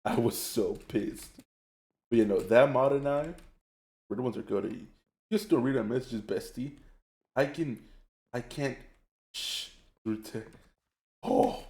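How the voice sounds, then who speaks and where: A young man streaming a game, telling stories in a rambling, animated way and laughing often. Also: mid-range voice, a little slow, pauses often, echoey room. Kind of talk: casual chat while gaming.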